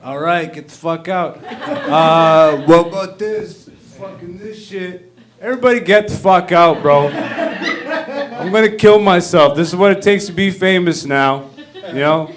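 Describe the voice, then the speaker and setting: A man's voice: high-pitched, measured pace, crowd noise. A man in his thirties doing a profane, brash stand-up comedy rant on a club stage. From Canada. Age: 30s.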